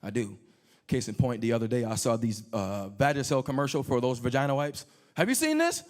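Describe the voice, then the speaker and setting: On a comedy club stage, a male stand-up with a medium-pitched voice tells crude stories into a handheld mic. His delivery is brisk and animated.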